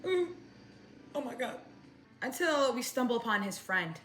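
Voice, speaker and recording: A woman's voice: fairly high pitch, very animated, a little slow, a bit bright, reverberant, faint music behind. A woman in her twenties telling a storytime rant, with lots of "like" and "whatever", while she eats. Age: 20s. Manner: chatty, fillers of like and whatever; eating while talking. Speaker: vlogger.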